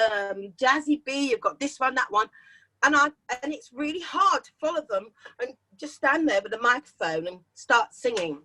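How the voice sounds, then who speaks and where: A middle-aged woman with a London accent, a singer chatting as an interview guest, animated and acting out the voices in her stories. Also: high voice, poor audio. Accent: London English. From London, England. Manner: animated storyteller who acts out quoted voices. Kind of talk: casual interview chat.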